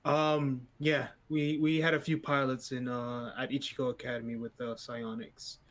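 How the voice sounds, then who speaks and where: A man playing a tabletop game as a player, speaking in a measured, deliberate way. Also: mid-range voice, flat delivery. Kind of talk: tabletop role-play.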